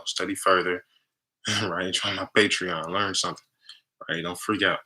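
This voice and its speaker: A man's voice: deep voice, steady tone, a little fast, bright, forceful tone. A man talking casually about energy healing, tagging almost every phrase with "right?". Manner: chatty, tags nearly every phrase with "right?". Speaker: spiritual healer and content creator. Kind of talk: casual promotional monologue.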